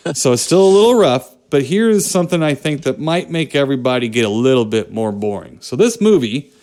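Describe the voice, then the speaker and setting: A man's voice: medium pitch, expressive, a little fast, a little mellow. A man co-hosting a podcast, chatting about movies in a joking, rambling way. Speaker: podcast co-host. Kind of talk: casual movie chat.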